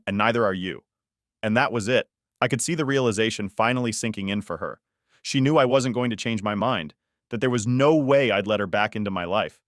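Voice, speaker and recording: A man narrating a first-person story in a steady, matter-of-fact way. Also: on the low side, no room sound, clean studio sound.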